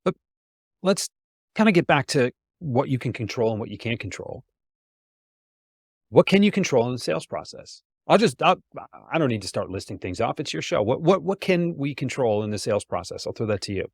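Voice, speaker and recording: A man's voice: medium pitch, sing-song, brisk, gravelly, breathy edge, dry recording, clean studio sound. A man who is a guest on a podcast, talking casually and emphatically in punchy sayings, repeating words as he builds a point. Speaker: sales trainer, podcast guest. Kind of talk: casual conversational interview.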